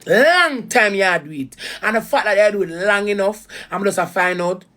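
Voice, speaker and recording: With a mid-range, slightly bright voice and lively intonation, this woman speaks at a moderate pace. She's a vlogger with a Jamaican accent, pouring out a heated personal rant about a betrayal and swearing in patois.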